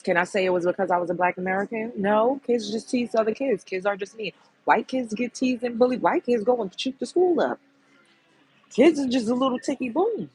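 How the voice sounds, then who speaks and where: A woman's voice: medium pitch, a little fast, a little mellow, slightly rough, low-quality recording. A woman hosting a livestream, giving a blunt, heated and profane commentary rant to her viewers. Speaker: livestream host.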